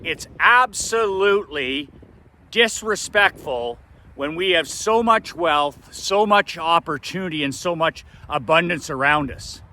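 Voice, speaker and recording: A man's voice: on the high side, lively intonation, measured pace, pushed and bright. A middle-aged man from Canada, telling a family story in a casual vlog. He is emphatic and repeats phrases for effect. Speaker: business coach.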